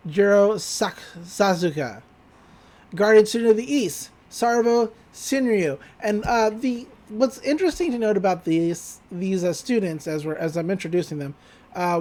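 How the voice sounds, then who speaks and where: A woman's voice: on the low side, a little mellow. A woman co-hosting a podcast, chatting casually and recapping an episode while briefly acting out the characters' lines. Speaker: podcast co-host.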